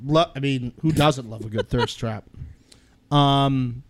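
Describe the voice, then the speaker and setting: A man's voice: medium pitch, a little slow. A man co-hosting a podcast in casual chat, jokey and playful, often rambling and restarting. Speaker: podcast co-host.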